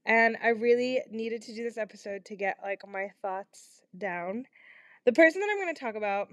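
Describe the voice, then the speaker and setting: A young woman talks into a small microphone in her bedroom, hosting a confessional podcast. Her voice sits a little high and the sound is dry and close, with no room around it. She rambles, mocks herself and swears, with plenty of ums and restarts. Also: lively intonation, normal speed, a bit bright, no room sound. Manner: rambling, self-deprecating, swearing, frequent fillers. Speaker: podcast host. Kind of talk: casual confessional chat. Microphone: small home microphone.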